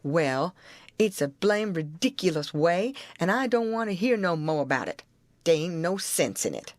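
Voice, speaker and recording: A woman's voice: lowish voice, sing-song, moderate pace, no room sound. A woman voicing a stubborn grown man, a runaway on a river raft, who argues in a folksy rural dialect. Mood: indignant.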